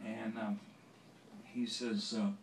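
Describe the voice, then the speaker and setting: A man in his sixties, a songwriter on stage, telling an anecdote in a halting, self-deprecating way, full of restarts. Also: on the low side, flat delivery. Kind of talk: onstage anecdotal storytelling. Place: stage before an audience. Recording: roomy, distant live stage mic.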